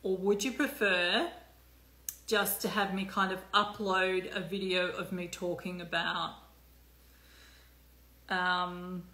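A woman's voice: fairly low pitch, fairly even intonation, slow pace, pauses often, bright, forceful tone, echoey room. A woman hosting a casual live stream, chatting loosely with lots of fillers and the odd swear word.

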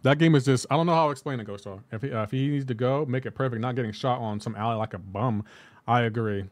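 A man's voice: mid-range voice, quick pace, no echo. Chatty man streaming a game, dry sound. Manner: loose, chatty, talks back to viewers, lots of "like". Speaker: gaming livestreamer. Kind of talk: casual live-stream chat while playing.

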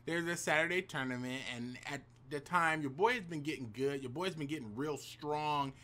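A man with a slightly high, sharp-toned voice tells a personal story to camera at a moderate pace. His casual vlog is slangy and profane, sprinkled with hype-man asides to viewers.

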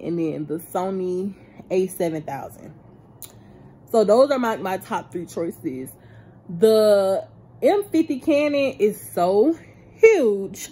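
In her twenties and from Florida, this vlogger talks casually to her viewers on a phone recording, rambling, chatty and quick to laugh. Her medium-pitched voice is husky and a little mellow.

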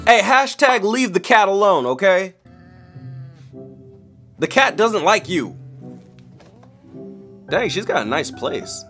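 A man hosting a video, reacting to clips with animated, joking, exclamatory commentary. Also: high-pitched. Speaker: YouTube host.

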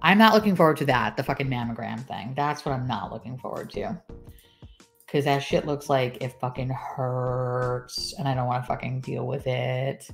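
A woman's voice: very deep voice, normal speed, creaky, soft background music. A woman, chatting casually and profanely on a live stream, often laughing as she talks.

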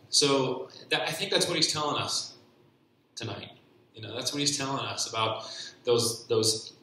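A man giving a personal faith testimony at church, speaking haltingly with many restarts and repeated fillers. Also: lowish voice, sharp tone, slight background noise. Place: church hall. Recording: very echoey church hall.

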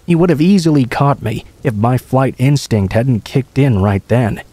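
Mellow-voiced man reading scary stories. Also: medium pitch, normal speed, no echo. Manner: steady, casual first-person storytelling. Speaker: horror story narrator.

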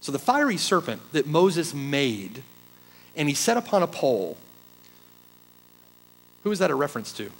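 High-voiced man preaching a sermon. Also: big pitch swings, normal speed, vocal fry, long pauses, a little hiss or hum, rough recording. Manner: emphatic preaching with rhetorical questions. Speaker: pastor. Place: church.

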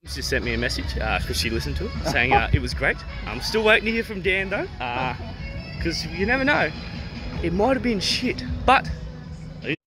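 An Australian man casually vlogging into his phone at an outdoor festival, chatty and quick to swear and laugh. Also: high-pitched, very animated, music in the background. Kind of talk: casual selfie vlog. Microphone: phone held at arm's length.

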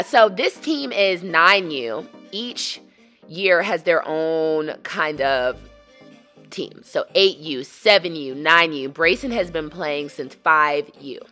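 A woman's voice: fairly low pitch, sharp tone. An American woman in her thirties, a mom chatting playfully to her viewers in a casual vlog at an outdoor youth football field. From United States. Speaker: vlogger and mom.

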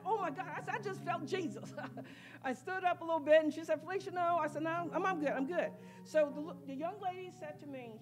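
A woman giving a spoken testimony at a church worship service, telling her story in a rambling, excited way full of quoted dialogue. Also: high voice. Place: church sanctuary.

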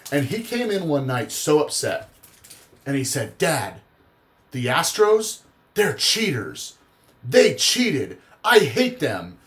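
A man hosting a live card-break stream, chatting casually and wandering into stories. His voice sits a little high for a man and swings up and down with animated energy. He sounds worn out after a long day. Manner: chatty, rambling storyteller.

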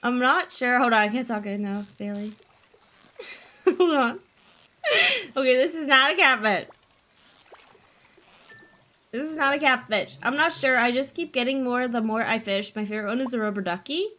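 A young woman with a fairly high, sharp-toned voice chats playfully with her stream while gaming. She talks at a normal speed but pauses often, reacting to the game with gasps, giggles and silly sounds.

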